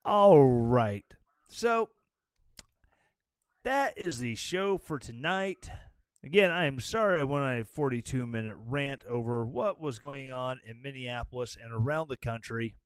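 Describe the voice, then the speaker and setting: With a mid-range voice, lively intonation and a clean tone, the man speaks a little slowly in a dry, clean studio recording. On his own talk show he comes across tired, sarcastically rambling through a casual political rant complete with mocking impressions.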